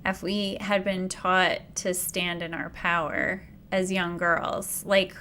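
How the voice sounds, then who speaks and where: A woman's voice: lowish voice, fairly even intonation, takes it slowly, sharp tone, slight background noise. A woman hosting a podcast, talking in a reflective, affirming way in casual conversation. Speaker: podcast host.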